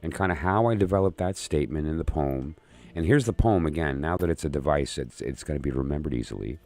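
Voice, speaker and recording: A man's voice: rumbling low, fast, darkish tone. A man hosting a late-night live stream of oracle readings, rambling and joking as he talks to his viewers. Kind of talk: casual live-stream chat.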